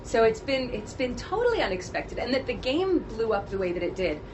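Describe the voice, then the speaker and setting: Lively woman, noisy convention. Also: a little high, brisk. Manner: animated, laughing often, acts out quotes. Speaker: voice actress interviewed at a convention. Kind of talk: casual interview storytelling. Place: convention media panel.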